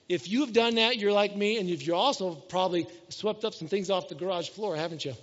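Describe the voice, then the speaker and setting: A man's voice: high voice, fast, hardly any pauses, fairly bright tone. A middle-aged man preaches a sermon in a casual, conversational way. He keeps asking the congregation questions and acts out little household scenes. The recording is dull and muffled. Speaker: pastor. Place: church hall. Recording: dull sound with long hall reverb.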